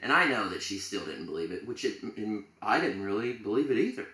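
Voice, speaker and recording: Rambling jokey man with a bright lowish voice. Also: lively intonation, a little fast, roomy sound, poor audio. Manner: rambling, jokey storytelling with fillers. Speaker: podcast co-host. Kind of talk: casual chat.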